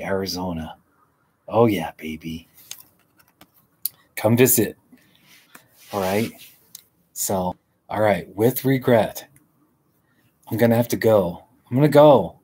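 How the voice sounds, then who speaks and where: Stretched out in an outdoor hammock, a man chats on a live stream in a rather low voice. His talk is loose and rambling, relaxed and drawn out.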